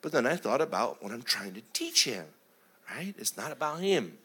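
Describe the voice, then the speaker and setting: Middle aged pastor guy telling stories in a sermon, lively voice that jumps all over. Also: medium pitch, normal speed, slightly rough. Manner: animated, chuckling, acts out voices. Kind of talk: sermon storytelling.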